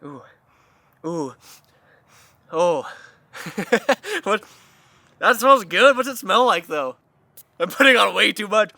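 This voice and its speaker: A man's voice: high-pitched, animated, takes it slowly, vocal fry, long pauses, sharp tone, no room sound. A man in a casual vlog, talking in a playful, self-deprecating way and chuckling often while reading sponsor copy. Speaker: vlogger doing a sponsored segment.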